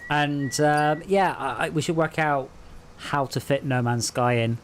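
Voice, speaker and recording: A man hosting a casual gaming stream from England, chatting in a rambling, sweary, animated way over a voice call. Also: on the high side, unhurried, a little hiss or hum. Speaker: streamer host.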